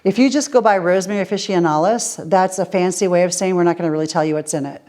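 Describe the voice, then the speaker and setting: A woman with a lower-pitched voice leads a relaxed teaching session for a group of students. She explains in a conversational way, often posing rhetorical questions and then answering them herself. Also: quick pace. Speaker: essential oils teacher.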